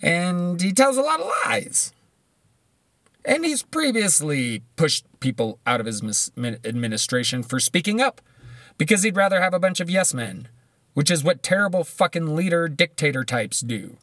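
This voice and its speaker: Blunt, swearing man with a higher voice. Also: big pitch swings, normal speed, a bit bright, dry recording, studio quality. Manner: blunt, swearing, rambling with restarts. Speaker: commentator. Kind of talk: profane casual commentary.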